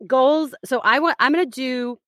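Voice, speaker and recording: A woman's voice: high voice, moderate pace, fairly bright tone, dry recording, studio quality. A woman in her thirties co-hosting a podcast in casual chat, teasing and rambling with lots of fillers and restarts. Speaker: podcast co-host.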